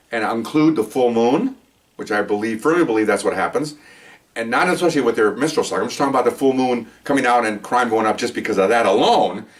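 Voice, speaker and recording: A man's voice: fairly low pitch, distant mic. An older man, a retired police officer, telling stories in a rambling, conversational way full of asides and restarts. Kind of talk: casual storytelling to camera.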